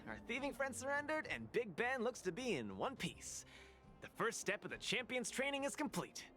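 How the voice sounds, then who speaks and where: A man's voice: very high-pitched, huge pitch swings, normal speed, faint music behind, exaggerated voice. An actor voicing a brash, upbeat young male champion in a game who talks theatrically and loves slogans. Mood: cheerful. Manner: theatrical, shouts out attack names and slogans. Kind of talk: game character voice.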